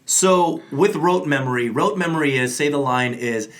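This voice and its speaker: A man co-hosting a chat about acting, explaining in an energetic, conversational way and often checking in with "right?". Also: a little high, normal speed. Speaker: acting coach and co-host. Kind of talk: casual instructional chat.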